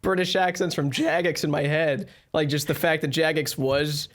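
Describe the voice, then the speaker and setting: A man's voice: a little high, steady tone, moderate pace, fairly bright tone. A man hosting a podcast, rambling and laughing as he talks. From United States. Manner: rambling, laughs through his words. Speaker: podcast host. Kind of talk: casual podcast chat.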